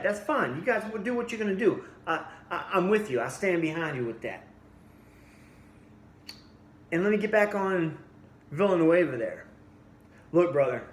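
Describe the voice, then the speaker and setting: A man in his forties giving a blunt, heated opinion rant for his fitness vlog, often restarting and repeating himself. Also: a little high. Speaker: fitness vlogger. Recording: echoey room with faint ambience.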